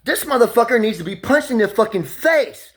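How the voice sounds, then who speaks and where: A young man in his twenties pours out a rambling monologue, his pitch leaping wildly up and down. He swears freely and tips from laughter into near tears into shouting. The delivery is loud and restless throughout. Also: brisk. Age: 20s. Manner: pressured rambling speech, swings between laughing, crying and shouting; loud and expressive, heavy swearing. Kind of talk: emotional monologue to camera.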